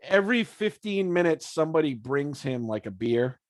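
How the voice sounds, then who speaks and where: This man hosts a loose, casual interview with a band. His voice sits a little higher than most men's, and he swears freely and laughs often. He slips in and out of quoted voices while he tells his stories, and the sound is close and dry. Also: normal speed, no room sound. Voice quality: swears freely, animated storytelling. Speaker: podcast interviewer. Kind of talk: casual chat.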